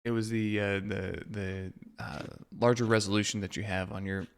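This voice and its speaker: Gravelly-voiced man on a gaming podcast. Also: lowish voice, flat delivery. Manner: laughing, halting restarts. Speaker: podcast co-host. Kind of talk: casual chat.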